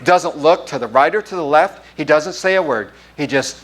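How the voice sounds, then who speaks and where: A man's voice: on the high side, moderate pace, a little hiss or hum. A man preaching a sermon as pastor, telling a personal story and acting out the dialogue. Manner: animated storytelling, acts out the dialogue. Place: church sanctuary.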